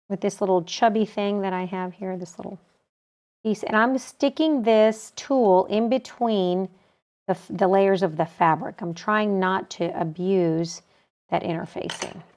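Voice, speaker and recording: Calm woman teaching a sewing step. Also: mid-range voice, measured pace. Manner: calm, practical, talks while working with her hands. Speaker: quilting instructor.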